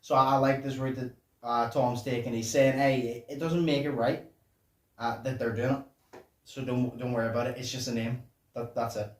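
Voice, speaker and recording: A man hosting a reaction channel, chatting casually and profanely in a low voice while he explains song lyrics. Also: little pitch movement, fairly quick. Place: home room at night. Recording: echoey room, distant mic, faint noise.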